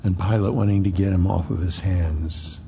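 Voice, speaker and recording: Male pastor, expository sermon, gravelly voice, faint background noise. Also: steady tone, moderate pace, in a large hall. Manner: acts out the dialogue between Pilate and Jesus in a raised voice; drops to a low hushed tone on solemn lines.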